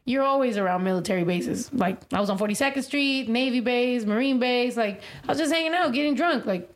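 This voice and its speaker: A woman's voice: a little high, fairly quick, a little hiss or hum. A woman from San Diego telling stories in casual chat, swearing freely and acting out quotes. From San Diego, California. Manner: profane, animated storytelling with acted quotes.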